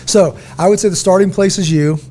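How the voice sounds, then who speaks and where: Animated storytelling man, faint hum. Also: sits high, fairly quick. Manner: storytelling, animated, acts out quotes. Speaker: podcast host. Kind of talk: casual conversation.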